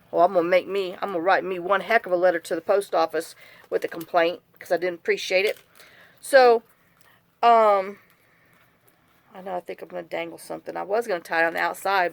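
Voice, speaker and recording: A woman's voice: medium pitch, vocal fry, no room sound. A woman chatting casually as she makes a journal, rambling through stories and complaints. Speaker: journal-making craft vlogger. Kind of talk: casual chat while crafting.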